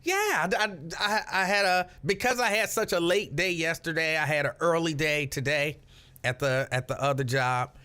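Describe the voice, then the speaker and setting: A man's voice: on the high side, moderate pace, sharp tone, smooth. A man hosting a casual afternoon live stream, greeting viewers by name, reading out their comments and joking about himself. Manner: playful, joking self-mockery. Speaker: host.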